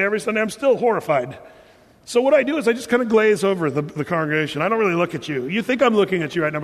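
A high-voiced male pastor giving a sermon in a loose, conversational way, full of jokes and asides. His voice carries a long reverb from the church hall he speaks in. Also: a bit bright. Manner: conversational and joking, with lots of asides. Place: church sanctuary.

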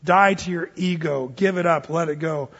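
A man preaching a lively, jokey sermon as pastor, acting out little scenes for his church. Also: a little high, normal speed, husky. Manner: animated, jokey, acts out voices. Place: church hall. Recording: echoey hall, dull lo-fi sound.

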